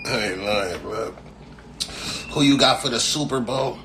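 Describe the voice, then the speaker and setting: A man's voice: mid-range voice, extremely slow, long pauses, background noise. A man from California talking casually to viewers, rambling and profane, full of slang and repeated phrases. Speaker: streamer. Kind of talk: casual rambling live talk.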